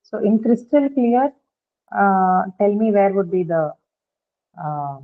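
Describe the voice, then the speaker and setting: A woman teaches pronunciation rules to a class, stopping often to ask whether everyone follows. Her voice comes through a narrow, phone-like video call line. She pauses with fillers as she works through each example. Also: medium pitch, lively intonation. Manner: asks frequent check questions, many fillers. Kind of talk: online phonetics lesson. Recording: tinny phone-like call audio.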